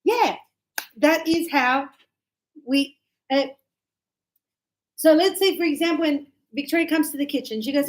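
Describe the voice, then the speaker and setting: A middle-aged woman teaching an English class, lively and chatty, acting out short example dialogues for her students. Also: high voice, a little slow, pauses often, rough recording. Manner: animated, acts out little example dialogues.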